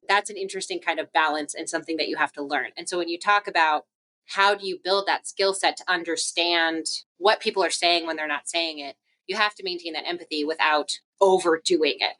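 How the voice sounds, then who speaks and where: A woman's voice: fairly low pitch, steady tone, fairly quick, fairly bright tone. A young adult woman, a physical therapist guest on a casual podcast interview, telling stories animatedly and acting out quoted dialogue.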